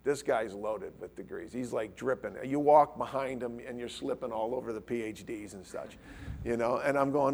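Animated man telling a preaching story. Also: mid-range voice, moderate pace, gravelly, a little hiss or hum. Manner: animated, acts out quoted dialogue. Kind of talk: storytelling sermon.

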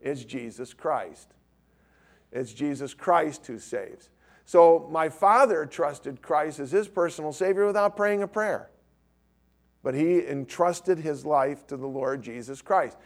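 A man's voice: fairly high pitch, slow. A middle-aged man giving sermon-style Bible teaching to a class, conversational, repeating his key points. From California.

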